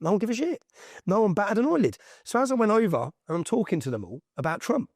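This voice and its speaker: Here is an English man telling a story in a high, lively voice that swings up and down as he gets worked up. He talks emphatically and keeps checking in with "yeah?" The sound is dry and close. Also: fast, no room sound. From England. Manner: excitable, emphatic, full of asides like "yeah?". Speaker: interview guest. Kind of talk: animated storytelling in conversation.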